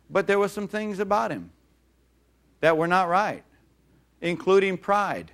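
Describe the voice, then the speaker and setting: Animated, fairly high-voiced male pastor. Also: unhurried, long pauses. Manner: animated, jumps into voices, chuckles often. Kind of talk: sermon with storytelling.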